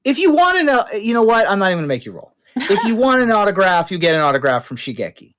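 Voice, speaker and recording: A woman narrating as game master in a tabletop game, playful and animated with her players. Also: medium pitch, fast.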